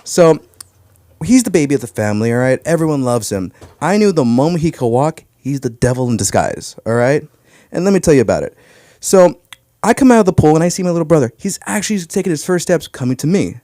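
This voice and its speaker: A man's voice: fairly high pitch, big pitch swings, fairly quick, warm tone, no echo, clean studio sound. A young man telling crude, brash stand-up stories about his family on a comedy club stage. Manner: brash storytelling, crude punchlines.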